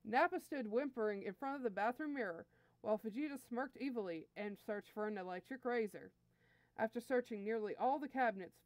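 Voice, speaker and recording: A woman host reads fan fiction aloud in an easygoing, friendly way. Her voice sits a little high. The recording is dry and close. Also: a little mellow, dry recording. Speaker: story reader, channel host.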